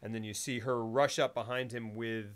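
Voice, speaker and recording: A man with a voice of middle pitch, talking casually about a film. He retells the scenes with animation, making sound effects and acting out the characters. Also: fairly even intonation, moderate pace, clean tone. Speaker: podcast host.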